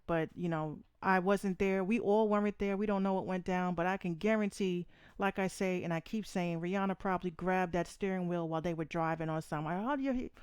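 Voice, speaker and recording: A woman's voice: on the low side, smooth, dry recording, clean studio sound. A woman hosting a live podcast, ranting in a blunt, profane and emphatic way, repeating her points. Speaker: podcast host. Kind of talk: opinionated live podcast rant.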